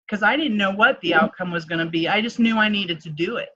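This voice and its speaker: A woman coach telling a personal story in a casual interview, animated and chatty, often acting out what others said. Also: mid-range voice, fast, few pauses, lo-fi sound. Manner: animated, acts out quoted dialogue, frequent "like". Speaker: guest, transformation coach.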